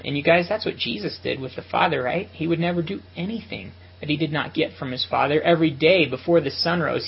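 A man's voice: mid-range voice, creaky, breathy edge, highs cut off. A man giving an earnest, reflective sermon to ministry workers at a retreat.

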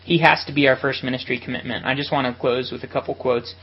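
A man's voice: mid-range voice, fairly even intonation, quick pace, slightly rough, highs cut off. A man giving an earnest, reflective sermon to ministry workers at a retreat.

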